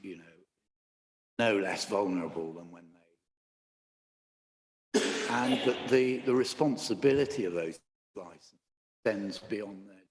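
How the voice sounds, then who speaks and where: Low-voiced councillor dude, super slow and halting, reverby hall. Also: male voice. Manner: hesitant, many pauses and restarts. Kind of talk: halting committee remarks. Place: council committee room.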